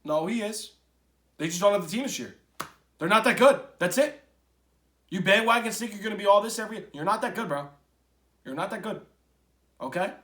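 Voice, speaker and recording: A man hosting a sports podcast, talking bluntly and ranting, swinging from loud outbursts to low mutters. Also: lively intonation, brisk, pauses often. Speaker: podcast host. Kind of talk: casual opinionated sports talk.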